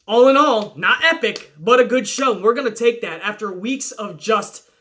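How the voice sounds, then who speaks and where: A middle-aged man recapping a wrestling show in a casual vlog, swearing freely and rambling with animated opinions. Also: high voice, moderate pace.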